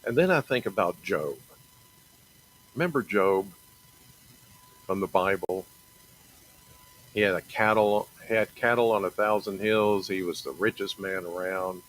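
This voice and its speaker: Slow, earnest low-voiced man. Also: fairly bright tone, poor audio. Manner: earnest, halting, repeats and restarts, preachy. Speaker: TV meteorologist sharing faith talk. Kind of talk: personal faith reflection, casual monologue.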